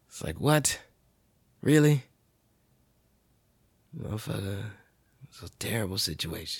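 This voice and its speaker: A low-voiced man delivering a profane, animated monologue in loose, casual speech. The sound is close and dry, with no room echo. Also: measured pace, vocal fry, pauses often, husky. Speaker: podcast host.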